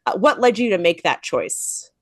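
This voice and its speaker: A woman's voice: mid-range voice, sing-song, normal speed, a bit bright, dry recording, clean studio sound. A woman podcast co-host moderating a festival Q&A, asking upbeat prepared questions. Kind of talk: hosting a festival Q&A.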